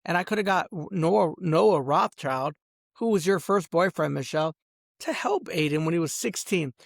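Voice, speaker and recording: Man, gravelly, slightly high, dry close mic, angry profane rant with "bro" filler. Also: no echo. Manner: profane, repeats "bro" constantly, jumps to shrill high outbursts. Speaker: vlogger ranting to camera.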